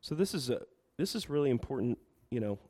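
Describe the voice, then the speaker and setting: A man's voice: mid-range voice, sing-song, fast talker, mellow. A man preaching a sermon as pastor, asking the room rhetorical questions and acting out quoted voices. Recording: reverberant hall.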